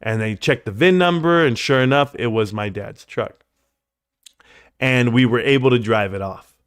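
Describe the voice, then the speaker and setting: A man hosting a livestream, telling a long story in a rambling way, jumping high when he acts out quotes and dropping low for asides. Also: moderate pace, smooth, no echo, studio quality. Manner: animated, jumps high in pitch when acting out quotes; rambling, drops to quiet asides. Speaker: livestream host. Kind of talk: casual storytelling.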